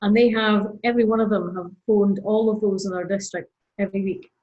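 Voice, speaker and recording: A woman's voice: mid-range voice, steady tone, brisk, highs cut off. A woman with a Scottish accent, a church minister chatting casually as a podcast guest, with lots of fillers. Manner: chatty, frequent fillers and laughs.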